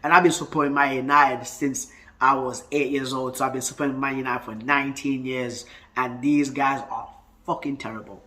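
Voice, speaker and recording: A man's voice: medium pitch, fairly even intonation, moderate pace, bright, forceful tone. A man, ranting about football in a casual vlog, heated and full of stuttering restarts. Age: 20s. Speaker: football fan vlogger.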